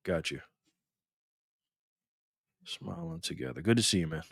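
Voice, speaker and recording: A man's voice: low voice, sing-song, unhurried, creaky, a bit bright, husky, no echo, studio quality. Upbeat man hosting a live stream. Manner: upbeat, greets chat viewers by name; calls people brother and man. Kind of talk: casual live-stream chat. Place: alone at home streaming. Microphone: microphone.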